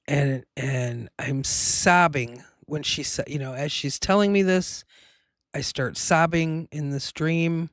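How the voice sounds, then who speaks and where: A woman's voice: sits low, slow pace, no room sound, clean studio sound. A woman hosting her own show, telling a personal story in a rambling, emotional way with many fillers. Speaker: host.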